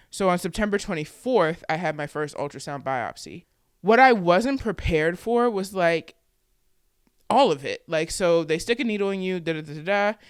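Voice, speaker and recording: A woman's voice: on the low side, animated, moderate pace, clear, resonant tone, dry recording, clean studio sound. A woman in her twenties telling her own story to the camera in a candid, conversational way, with plenty of "like" fillers. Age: 20s. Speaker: vlogger and podcaster.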